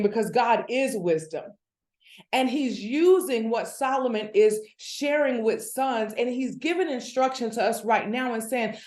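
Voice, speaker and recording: A woman giving a devotional Bible teaching, preaching with animated energy that builds in excitement. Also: on the high side, roomy sound. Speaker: devotional speaker.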